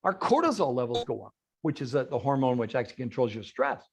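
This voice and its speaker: Delivering an animated presentation to a group video call, this guest speaker has a mid-range, slightly rough voice with big pitch swings and a fast pace. He emphatically poses rhetorical questions, then answers them.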